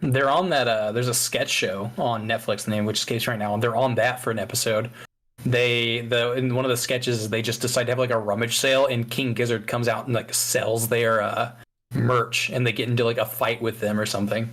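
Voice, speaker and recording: A man's voice: mid-range voice, fairly even intonation, a little fast, fairly bright tone. Easygoing man chatting on a podcast. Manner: easygoing, fillers and restarts. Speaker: podcast co-host. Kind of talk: casual chat.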